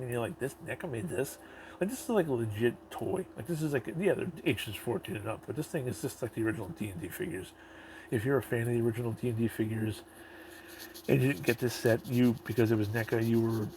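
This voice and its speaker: A man with a gravelly, creaky voice chats through a toy review in a rambling, offhand way, cursing casually as he goes. A steady hiss of background noise sits under the recording. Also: lowish voice.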